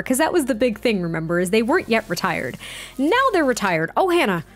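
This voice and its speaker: A young adult woman hosts a let's play, chatting her way through a life-sim game with exclamations and frequent self-corrections. Her fairly high voice is brisk, with big pitch swings, and faint music plays underneath.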